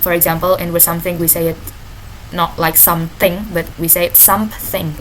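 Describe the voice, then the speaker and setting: A young woman gives a class presentation. She reads out definitions with halting pauses and says "next" between points. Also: on the low side, monotone. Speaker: student presenter. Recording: noisy recording with clicks.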